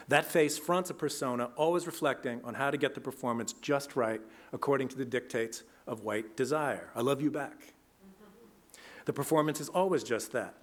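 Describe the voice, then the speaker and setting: Measured man reading a lecture. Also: medium pitch. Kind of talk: academic lecture.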